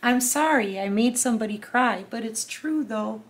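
A woman's voice: fairly high pitch, moderate pace, slight background noise. A woman giving a casual collective tarot reading, speaking earnestly and directly to the viewer in a loose, chatty way. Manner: earnest, heartfelt, talks straight to the viewer. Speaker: tarot reader.

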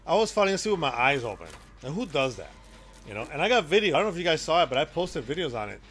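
Animated, chatty male game streamer. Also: on the high side, racing. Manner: rambling, chatty, reacts loudly to gameplay. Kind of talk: casual live-stream chat.

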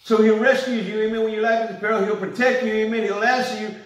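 A man's voice: sits high, little pitch movement, fast talker. A middle-aged man preaching a sermon as pastor, telling stories conversationally and laughing along. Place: church hall. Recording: echoey church hall, mic at a distance.

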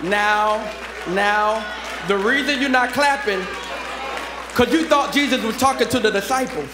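A man preaching a sermon in a large church, joking with the congregation and building to shouted call-and-response. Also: sits high, unhurried, a crowd in the background, background noise. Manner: folksy, joking asides. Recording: echoey church hall with faint music.

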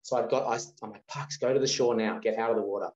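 An Australian man in his thirties, a guest on a casual interview, tells a personal story with animation, acting out the dialogue of those involved. His voice is fairly low and quick. The room sound is roomy and a bit dull.

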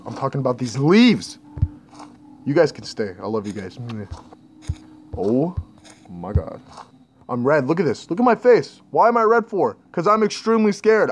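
A young man with a slightly high voice talks viewers through a horror game, jittery and panicky from start to end. A faint noisy hiss sits under his desk recording. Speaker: gaming channel host. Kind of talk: scared horror gameplay commentary.

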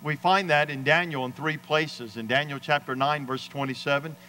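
A man's voice: fairly high pitch, fairly even intonation, normal speed, sharp tone, big-room sound, a little hiss or hum, low-quality recording. A man preaching a sermon as pastor, with emphatic delivery that rises and drops, and acted-out quotes of other people. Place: church sanctuary.

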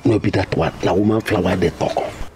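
An actor with a Nigerian accent playing an excitable, scheming middle-aged village father, theatrical and full of exclamations. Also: deep voice, fairly quick, soft background music, lightly acted. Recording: film dialogue.

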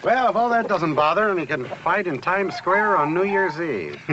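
An actor playing a persuasive businessman in the cockfighting world, in a smooth and showy manner. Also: high-pitched, big pitch swings, moderate pace. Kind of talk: film dialogue. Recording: dull lo-fi film sound, barnyard noise.

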